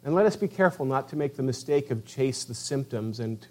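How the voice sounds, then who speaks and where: A middle-aged male pastor preaching a sermon with passion, acting out quoted voices and swinging from loud declarations to hushed asides. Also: mid-range voice, lively intonation, a little fast.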